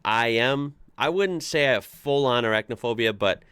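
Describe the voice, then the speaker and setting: A man's voice: medium pitch, moderate pace, a bit bright, clear, resonant tone, no room sound. An American man hosting a casual commentary show, chatty and amused as he reads posts aloud and adds his own asides. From United States. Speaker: host reacting to online posts.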